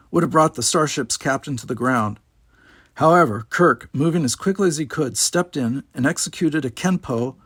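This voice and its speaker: Man, storybook narration, steady measured reading, dry close recording. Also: on the high side, husky, dry recording. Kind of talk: audiobook narration.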